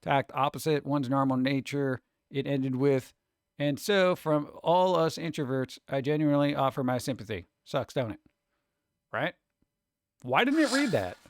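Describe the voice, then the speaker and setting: A man's voice: medium pitch, expressive, moderate pace, dry recording, studio quality. A man streaming live, chatting casually and reading chat messages, rambling and joking with a sarcastic edge.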